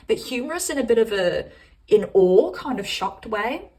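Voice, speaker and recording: A woman's voice: mid-range voice, lively intonation, moderate pace, darkish tone, recorded from a distance, low-quality recording. A woman giving a chatty, giggly pick-a-card tarot reading, musing aloud about what she senses. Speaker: tarot reader.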